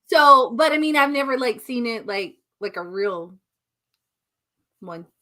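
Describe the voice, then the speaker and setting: Female podcast co-host, high bright voice, hesitant casual chat. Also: expressive, measured pace. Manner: hesitant, soft-spoken, trails off.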